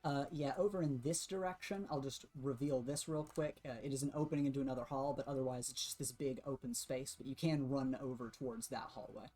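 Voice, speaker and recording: A man's voice: mid-range voice, steady tone, a little fast, hardly any pauses, dark tone. Man, game master, loose conversational narration, light music bed under the voice. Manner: loose, filler-heavy narration with frequent restarts.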